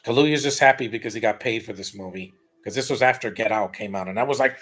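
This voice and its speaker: A man's voice: fairly low pitch, quick pace, few pauses, fairly bright tone. Blunt, rambling man doing watch-along commentary. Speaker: live movie commentator.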